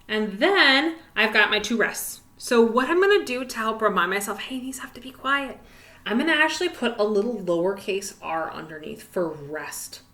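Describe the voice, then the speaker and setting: A woman teaches a music lesson on video for young children, cheerful and encouraging. Her pitch swings widely, her tone is bright, and the room echoes. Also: animated, normal speed. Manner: cheerful, encouraging, sing-song with whispered rests.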